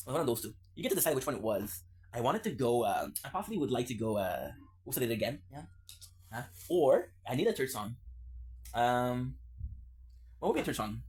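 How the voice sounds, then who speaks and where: A man's voice: medium pitch, big pitch swings, brisk, husky. A man chatting casually with his viewers on a live stream, playful and teasing.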